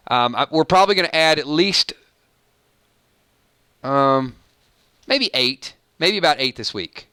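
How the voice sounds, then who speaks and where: A man's voice: mid-range voice, smooth, no room sound, clean studio sound. A man hosting a casual live stream, playfully singing song snippets between chat with viewers. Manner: sings snippets of songs, playful and animated. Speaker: livestream host.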